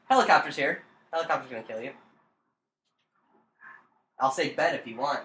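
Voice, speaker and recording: A man's voice: on the high side, animated, moderate pace, long pauses. Teasing, foul-mouthed podcast co-host man. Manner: teasing, swears a lot, bursts of loud laughter. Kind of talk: casual gaming chat. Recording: echoey room, faint noise.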